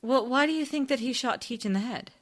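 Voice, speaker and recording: A woman's voice: high voice, fairly quick, no room sound. A woman co-hosting a podcast, chatting casually in an analytical, wry way. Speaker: podcast co-host. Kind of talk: casual chat about a TV episode.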